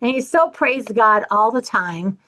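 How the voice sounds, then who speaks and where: A middle-aged woman hosting her own channel, talking candidly to viewers and acting out other people's lines in an animated way. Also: on the high side, measured pace, rough recording. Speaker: channel host. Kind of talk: personal talk to camera.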